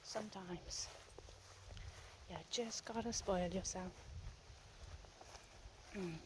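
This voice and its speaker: A woman's voice: medium pitch, steady tone, takes it slowly, noisy background. A woman in her sixties chatting to camera from her tent at a campsite, often dropping to a whisper. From United Kingdom. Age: 60s. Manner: chatty, often hushed to a whisper early in the morning. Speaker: nomad vlogger. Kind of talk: casual chat to camera.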